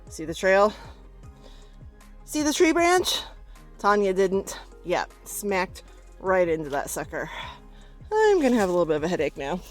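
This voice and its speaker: A young woman with a lowish voice vlogs her mountain hike on a handheld camera in a low-quality recording. Chatty and quick to laugh, she speaks to her dog and friends and is sometimes out of breath.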